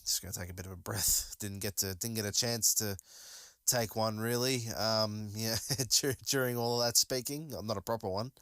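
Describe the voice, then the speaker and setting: A man's voice: fairly low pitch, steady tone, normal speed, fairly bright tone, smooth, dry recording. A man hosting a solo podcast, talking casually and enthusiastically, rambling with many fillers and restarts. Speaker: podcast host.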